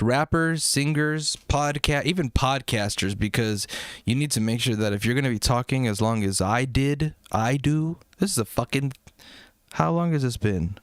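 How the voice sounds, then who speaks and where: A man's voice: mid-range voice, dry recording. A man hosts a music review livestream, rambling cheerfully to his viewers and swearing as he goes. His voice sits mid-range and sounds dry and close to the mic. He talks loosely and jumps between thoughts. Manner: rambling, profane, self-deprecating, chatty with viewers. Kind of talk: casual livestream chat.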